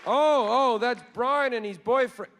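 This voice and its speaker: A man's voice: very high-pitched, measured pace, background noise. A male comedian performing a profane, sardonic stand-up story. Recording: live club with long reverb and crowd.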